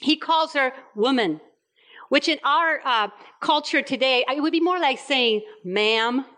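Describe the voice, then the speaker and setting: A woman's voice: high voice, a little slow. A woman in her fifties from Puerto Rico, preaching a sermon and acting out little scenes with quoted voices. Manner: animated storytelling with acted-out quotes.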